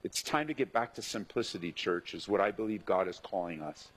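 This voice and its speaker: A middle-aged man, a pastor, preaching a sermon in an animated way, acting out the voices he quotes. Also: low voice, a little fast, breathy edge, poor audio.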